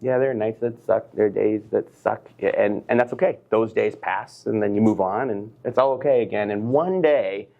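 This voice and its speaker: A middle-aged man talks openly and at length as an interview guest, his voice low and rough with vocal fry. He is expressive and earnest. The podcast audio sounds a bit dull and lo-fi. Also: moderate pace, hardly any pauses. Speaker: guest, business professor. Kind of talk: casual interview chat.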